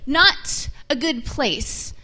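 A young woman with a high voice, working a crowd in a brash, bawdy stand-up set. She talks in animated bursts, with a playful, teasing edge throughout. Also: extremely slow. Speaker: stand-up comedian.

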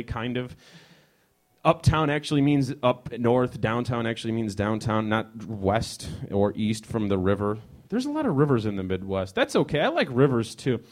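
A man from Chicago doing a rambling stand-up set in a hostel lounge, teasing the audience and often restarting his sentences. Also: medium pitch. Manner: rambling, teasing the crowd, frequent self-interrupting restarts. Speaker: comedian performing for a small live audience. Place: hostel lounge, leaning on a leather couch.

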